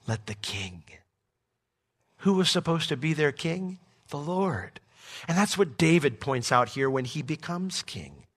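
A middle-aged man teaching through a Bible book as pastor, swinging from soft asides to emphatic points. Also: a little high.

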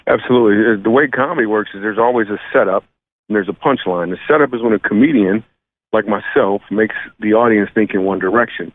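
Low-voiced comedian on a tinny phone line. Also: male voice, quick pace, no echo. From Michigan, USA. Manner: joking, animated storyteller. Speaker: comedian guest. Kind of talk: phone-in radio interview.

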